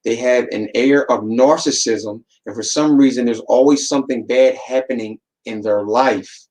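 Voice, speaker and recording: Man, podcast host, casual motivational talk, repeats for emphasis, mid pitch. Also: normal speed, a little mellow, poor audio. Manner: preachy, repeats words for emphasis, acts out quotes.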